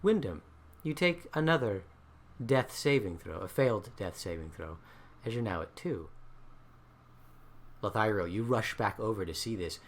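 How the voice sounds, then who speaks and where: Male dungeon master, lively, expressive narration for a live-streamed tabletop game. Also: fairly low pitch, moderate pace, long pauses. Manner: animated, swings from hushed narration to loud excitement.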